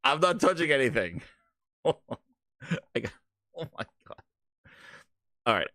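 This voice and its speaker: A man's voice: medium pitch, big pitch swings, measured pace, bright, forceful tone, no room sound, studio quality. A man hosting a gaming live stream, flustered and rambling with laughs as his audio keeps failing, talking into a home streaming microphone. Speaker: show host. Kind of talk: live-stream casual chat.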